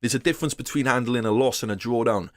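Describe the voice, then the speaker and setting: A man's voice: mid-range voice, fast talker, no room sound, clean studio sound. A man teaching day trading in a loose, profane, slangy way, often acting out other traders' voices. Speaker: trading course instructor. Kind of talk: casual unscripted teaching.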